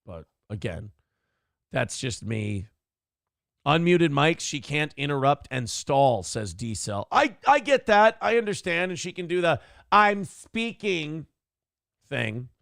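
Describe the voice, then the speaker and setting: A man's voice: mid-range voice, sing-song, measured pace, vocal fry, fairly bright tone, no room sound, studio quality. A man hosting a livestream morning commentary show, blunt and profane, rambling through opinions and reading chat comments aloud.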